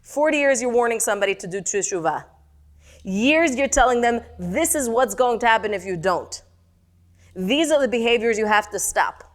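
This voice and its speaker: A middle-aged woman teaching a text-study class, animated and questioning her students. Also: a little high, moderate pace.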